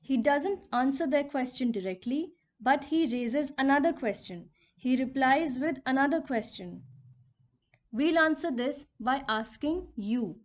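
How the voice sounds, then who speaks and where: Slow, deliberate woman explaining a poem. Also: sits high. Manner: explains line by line, repeats and rephrases. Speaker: teacher. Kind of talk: poetry lesson explanation. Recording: dull lo-fi recording.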